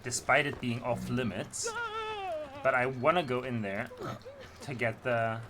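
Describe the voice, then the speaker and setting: A man's voice: mid-range voice, steady tone, unhurried, noisy background. A man streaming a video game, rambling in passionate, opinionated casual commentary. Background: game music.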